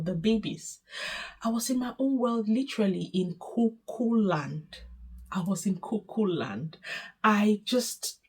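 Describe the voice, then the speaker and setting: Candid Nigerian woman, husky storyteller. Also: medium pitch, a little mellow. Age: 40s. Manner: candid, emotional, straight-talking. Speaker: vlogger. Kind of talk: personal storytelling to camera.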